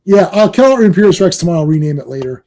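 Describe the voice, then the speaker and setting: A man's voice: high voice, big pitch swings, very fast, warm tone. A man co-hosting a comics podcast, ranting in casual chat, swearing and acting out quotes in voices. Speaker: podcast co-host.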